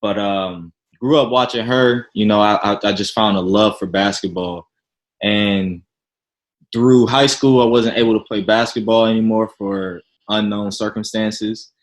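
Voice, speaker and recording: A man from Chicago, a podcast guest, telling his story in a relaxed, humble, easygoing way. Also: fairly low pitch, a little slow, rough recording. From Chicago, Illinois. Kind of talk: casual interview chat.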